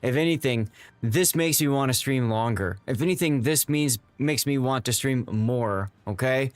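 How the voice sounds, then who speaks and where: A man's voice: medium pitch, moderate pace, no room sound. A man streaming live to his viewers, emotional and stammering, repeating himself as he thanks them. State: tearing up. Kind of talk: excited live-stream chat.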